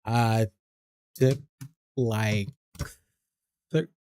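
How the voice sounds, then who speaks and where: A man's voice: fairly low pitch, steady tone, drawn-out words, darkish tone, clean tone, no echo. A man, chatting casually and rambling on his game stream, swearing freely and laughing often.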